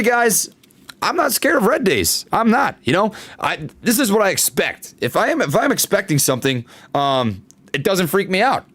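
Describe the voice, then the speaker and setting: A man hosting a casual stock market livestream, chatting with viewers and reading their comments, animated, with plenty of fillers and repeats. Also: a little high, no echo. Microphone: desktop studio microphone.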